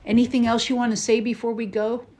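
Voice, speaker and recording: A woman's voice: on the high side, level tone, quick pace, dark tone. A woman hosting a casual podcast, chatty and laughing, explaining with playful examples. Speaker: podcast host. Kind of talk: casual chat.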